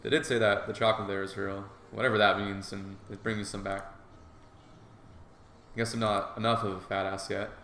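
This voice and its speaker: A man's voice: lowish voice, little pitch movement, normal speed, slight background noise. A man voicing a crude teasing teen guy. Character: brash crude teenage male animal. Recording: echoey room, soft guitar music.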